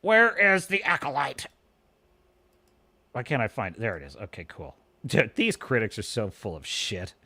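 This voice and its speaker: A man's voice: medium pitch, huge pitch swings, moderate pace, pauses often, bright, forceful tone, no echo. A young man ranting scornfully during a live stream, often breaking into laughter as he reacts to reviews.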